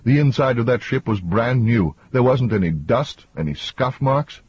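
A man voicing Marcus, a steady ship captain. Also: medium pitch, moderate pace, breathy edge, no echo, lo-fi sound, pitched above the performer's own voice. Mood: reasoning.

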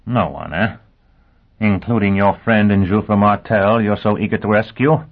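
A man's voice: lowish voice, steady tone, normal speed. A man voicing a furious, suspicious male interrogator who accuses and threatens. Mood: menacing. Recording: tinny lo-fi phone-like audio.

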